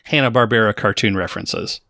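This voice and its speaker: A man's voice: lowish voice, a little fast, creaky, pushed and bright, no echo, studio quality. A man in his forties hosting a casual podcast, playful and teasing with jokey asides. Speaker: podcast host. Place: home studio in the high desert.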